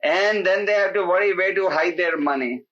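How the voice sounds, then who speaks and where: A man giving an animated sermon as a spiritual teacher, emphatic and pleading, acting out the voices he quotes. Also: high-pitched, moderate pace. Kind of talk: sermon to a live gathering. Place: indoor hall with an audience. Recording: dull lo-fi tape recording.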